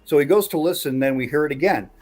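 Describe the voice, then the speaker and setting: A man's voice: on the high side, quick pace, a little mellow. A man hosting a casual podcast chat who builds suspense as he tells a story. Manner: builds suspense while recounting a tale.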